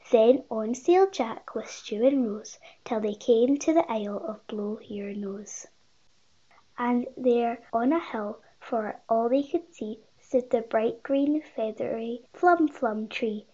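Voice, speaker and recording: Woman, storybook reader, slow unhurried reading, lively rhyming delivery, slightly muffled recording. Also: fairly high pitch. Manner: lively, sing-song rhyming delivery with raised voices for characters. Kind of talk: reading a children's picture book aloud.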